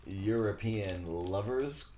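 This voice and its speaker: A young man co-hosting a comedy show, teasing his brother with quick jokes. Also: on the low side, mellow. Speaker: comedy podcast co-host. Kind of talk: casual banter.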